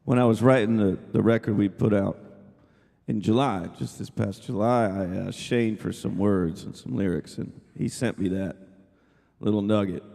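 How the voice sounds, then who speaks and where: A man's voice: lowish voice, normal speed, creaky, mellow, long reverb tail. A man, a singer-songwriter, telling a rambling, casual story on stage between songs at a small live music venue, with many restarts.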